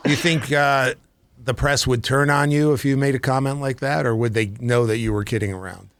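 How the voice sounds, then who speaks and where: A man hosting a comedy talk show, rambling and restarting as he pitches sarcastic jokes. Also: steady tone, moderate pace, a bit bright, clear, resonant tone. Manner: rambling, self-correcting, sarcastic. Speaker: host.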